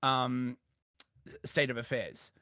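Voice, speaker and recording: A man's voice: mid-range voice, steady tone, slow pace, pushed and bright. A man from Britain, a guest in a casual political chat, talking in a chatty way and often tagging his points with "right?". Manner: chatty, many restarts, tags "right?".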